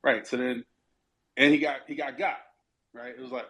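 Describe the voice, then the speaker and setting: A man co-hosting a podcast in casual chat, relaxed and slangy with some swearing. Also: medium pitch, a little fast, long pauses, rough recording.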